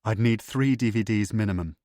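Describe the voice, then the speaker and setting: A man voicing a self-assured young woman who speaks in a quick, matter-of-fact way, over loud background music. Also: on the low side, no echo, clean studio sound, natural voice. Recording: loud music bed under voice.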